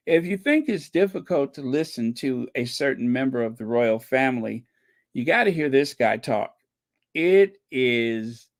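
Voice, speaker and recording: A man hosting a casual commentary stream, chatting loosely with many fillers and restarts. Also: fairly high pitch. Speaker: channel host. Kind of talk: casual commentary to a live chat.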